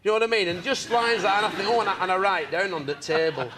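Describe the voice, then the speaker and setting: A man telling animated anecdotes on a chat show, mimicking voices and laughing often. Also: sits high, rapid-fire. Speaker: comedian guest. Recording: studio audience laughter, noisy.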